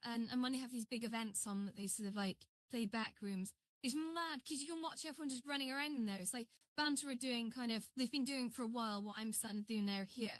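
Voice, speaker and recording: Her voice sits on the high side, recorded without room sound. She chats casually on a live stream as she builds, rambling and greeting viewers while working.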